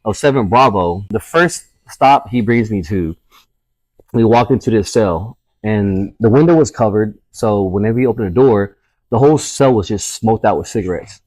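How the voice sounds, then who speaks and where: A man's voice: lowish voice, expressive, normal speed, dark tone, dry recording. A man, a tattoo artist guest, telling a casual story full of swearing and acting out the voices of people he quotes. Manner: profane, acts out quoted voices.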